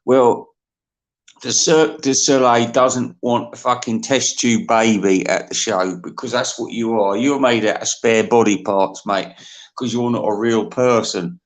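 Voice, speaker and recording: A man's voice: mid-range voice, steady tone, measured pace. A man hosting a video, delivering a crude, mocking comic rant. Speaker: video host.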